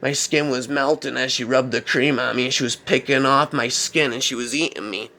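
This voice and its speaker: A man's voice: mid-range voice, fairly even intonation, brisk, bright, forceful tone, slight background noise. A man telling a first-person horror story in a rambling, repetitive way, often tacking on "man". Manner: repetitive, keeps adding "man".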